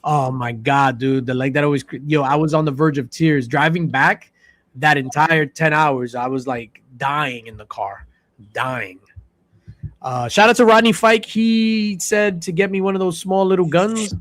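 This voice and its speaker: A man hosts a casual panel chat, his voice sitting a touch high. He tells stories with energy and acts out other people's lines. The sound is close and dry, with no room around it. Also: unhurried, no echo. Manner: animated storyteller, acts out quotes. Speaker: podcast host.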